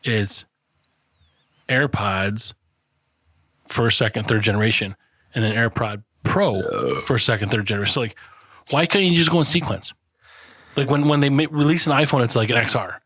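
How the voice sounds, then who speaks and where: A man with a husky, mid-pitched voice banters on a casual podcast, peppering every story with curses and bursts of laughter. He rambles from one tangent to the next. The sound is dry and close. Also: moderate pace, pauses often, fairly bright tone, dry recording. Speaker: podcast co-host.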